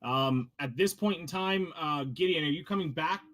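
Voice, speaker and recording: A man's voice: a little high, normal speed, fairly bright tone. A man running a tabletop game as game master, narrating loosely with many fillers.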